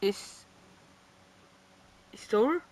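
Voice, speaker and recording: A woman giving casual commentary on her own gameplay, reacting out loud, pleading with and taunting the enemy, and swearing now and then. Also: takes it slowly. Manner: reactive, pleading and groaning at the game. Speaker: gamer streaming a playthrough.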